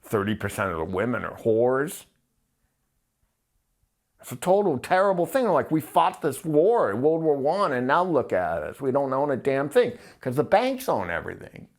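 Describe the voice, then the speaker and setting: A man in casual podcast talk, rambling and blunt, his voice climbing high when he gets worked up. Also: very animated, normal speed. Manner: crude, blunt wording.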